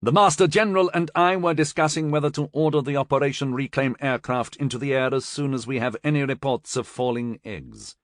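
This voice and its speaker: A man's voice: medium pitch, brisk, few pauses, no echo, studio quality, voice pushed up, natural voice. A man voicing a stern, cold older male military commander who speaks in clipped, authoritative orders. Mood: grim. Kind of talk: audiobook character voice.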